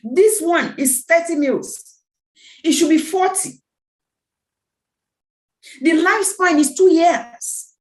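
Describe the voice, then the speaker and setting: At a team meeting, a woman from a network marketing team gives an emphatic motivational talk, repeating phrases in a preacher-like cadence. Her voice is very high-pitched and slow, with long pauses. The audio is poor and the room echoes.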